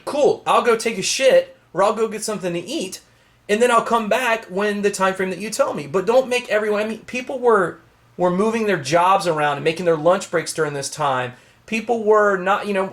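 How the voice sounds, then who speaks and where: A young man talks straight to camera, worked up and emphatic as he vents about a seller who let him down. His voice sits high for a man, and he swears as he gets more heated. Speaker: knife collector vlogger. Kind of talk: ranting to camera. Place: small home office.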